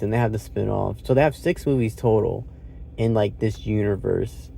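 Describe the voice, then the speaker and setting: A man's voice: lowish voice, moderate pace, vocal fry, warm tone, slight background noise. A man talking through a movie review in a casual, rambling way, swearing now and then and laughing often.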